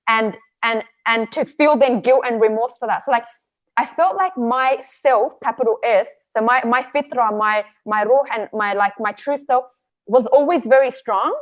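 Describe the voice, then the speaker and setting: A woman guest speaking earnestly about her own experiences, often pausing to search for words, heard over a video call. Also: a little high, muffled recording. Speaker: panel guest. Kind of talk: reflective personal sharing.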